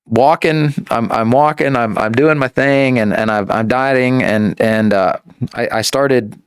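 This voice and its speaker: A man as a podcast guest in casual conversation, earnest and talking in halting, repeated starts. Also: medium pitch, clean tone, no room sound, clean studio sound.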